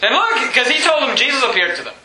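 A man preaching a lively sermon. He reads scripture aloud and acts out the people in the story. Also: extremely high pitch, fast. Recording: echoey room.

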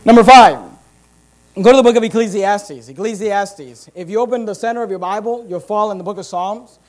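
A pastor preaching a sermon in an emphatic, punchy style with big loud swings. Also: male voice, sits high, brisk.

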